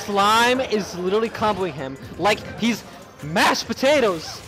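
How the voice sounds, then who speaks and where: A young Canadian man doing excited, stammering play-by-play commentary at a loud tournament, shouting over a cheering crowd. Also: sits high, a little slow. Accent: Canadian English. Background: crowd cheering and music.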